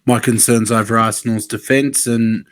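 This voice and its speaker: A man talking as a podcast guest, measured and brief. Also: medium pitch, fairly even intonation, no echo. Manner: measured, keeps it short. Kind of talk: casual podcast chat.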